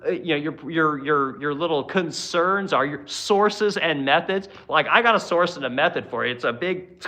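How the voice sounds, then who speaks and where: A man's voice: fairly high pitch, bright, forceful tone. A man hosting a political livestream, ranting in a profane, exasperated way and mocking politicians in quoted voices.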